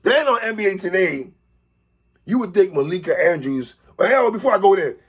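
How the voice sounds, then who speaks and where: A man delivering an animated opinion commentary monologue, calling out a TV host and repeatedly tacking on "sister, respectfully.". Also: sits high, slightly rough. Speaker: commentary vlogger.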